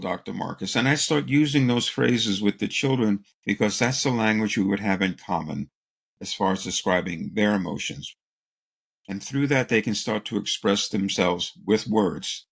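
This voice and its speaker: A man, a child psychologist, answering interview questions with calm explanations and stories, acting out short quotes. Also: on the low side, gravelly. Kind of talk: interview answer, anecdotal storytelling.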